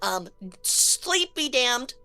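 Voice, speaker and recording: A woman streaming a game with a high, bright voice, talking casually to her viewers. She is excitable and swears freely when a guess goes wrong. Faint music plays under her talk. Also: extremely slow, smooth.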